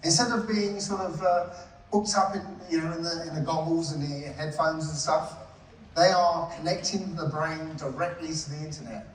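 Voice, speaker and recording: A man's voice: on the high side, fairly even intonation, moderate pace. A man giving a live conference talk, chatty and often checking in with the audience with "yeah?" and "right?". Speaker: conference presenter. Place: conference hall. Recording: echoey hall from far off.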